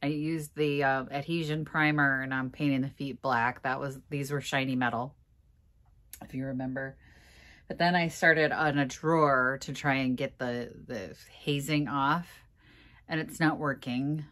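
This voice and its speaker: A woman vlogging casually to camera about a furniture project, halting and sighing, on the verge of tears. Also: a bass voice, fairly even intonation, a bit bright. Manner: halting, sighing, laughing through frustration. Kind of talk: casual vlog talking to camera.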